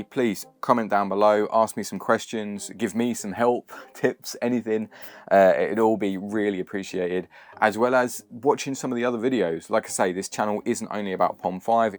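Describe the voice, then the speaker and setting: A man hosting his own channel, talking to viewers in a chatty, rambling, self-deprecating way. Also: sits low. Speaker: channel host. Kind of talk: casual vlog talk to camera.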